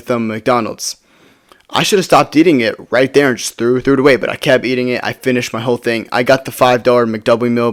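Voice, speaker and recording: A young man telling a personal story in a casual, rambling way, often stumbling and restarting his words. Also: mid-range voice. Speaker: storytime video creator.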